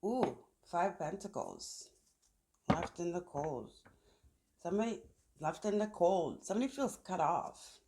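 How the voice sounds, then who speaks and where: A woman's voice: lowish voice, animated, a little slow, mellow. A woman giving a casual tarot reading, thinking aloud as she pulls cards outdoors in the sun. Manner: chatty, thinks aloud while pulling cards. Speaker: tarot reader.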